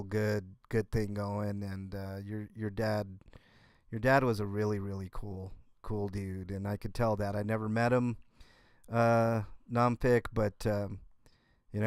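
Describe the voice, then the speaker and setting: Halting man hosting a home livestream. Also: on the low side, smooth, no echo, clean studio sound. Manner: halting, restarts and repeats words. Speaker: livestream host. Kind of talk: casual livestream chat with viewers. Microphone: computer setup.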